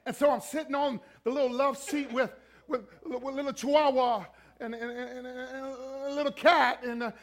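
A male pastor tells a comic story from the pulpit in a very high voice. He is animated, acts out the voices and screams of the people in the story, and stumbles through bursts of repeated words as it builds. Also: moderate pace. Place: church before a congregation.

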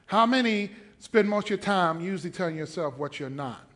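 High-voiced man preaching with rising shouts. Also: animated, a little fast. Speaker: pastor. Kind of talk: sermon. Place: church.

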